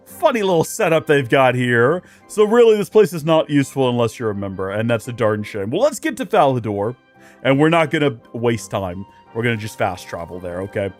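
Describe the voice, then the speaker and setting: A man doing casual let's play commentary as a streamer, chatty and rambling with jokes, faint game music behind. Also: medium pitch.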